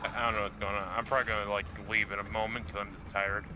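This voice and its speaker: A man's voice: lowish voice, level tone, racing, crowd noise. A man on voice chat who teases a friend and keeps asking goofy questions. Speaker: gamer chatting with friends. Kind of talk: casual voice chat.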